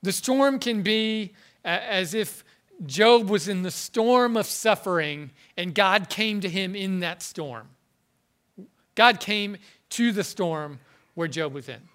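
A man preaching a sermon in an earnest, halting way, often repeating words as he goes. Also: sits high, animated, a bit bright. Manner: earnest, halting, with frequent word repetitions.

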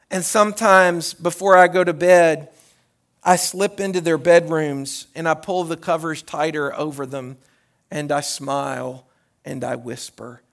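Preaching as a pastor, this man has a high-pitched, smooth voice. His delivery moves from hushed passages to loud hollering, and he frequently restarts phrases by repeating words.

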